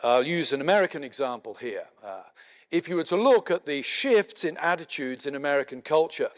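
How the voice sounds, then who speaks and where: A middle-aged man giving a conference lecture in a measured, explanatory way, with frequent filler words and dry asides. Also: on the high side, lively intonation. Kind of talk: spoken lecture. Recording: long hall reverb.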